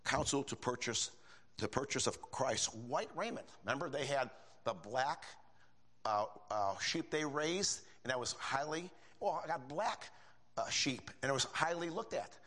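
An older preacher gives a sermon at normal speed in a lively, swooping voice that leaps high for emphasis. His delivery is folksy and conversational, full of asides to his listeners.

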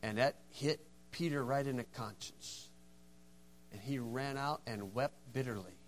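A man preaching a folksy sermon, acting out dialogue and swinging from hushed tones to loud, forceful lines. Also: mid-range voice, unhurried, a little hiss or hum.

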